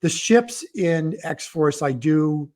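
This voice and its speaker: A man's voice: on the high side, animated, very slow, darkish tone. A middle-aged man, an author guest on a casual livestream chat, telling rambling stories and often cutting himself off mid-sentence. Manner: rambling, self-interrupting storyteller.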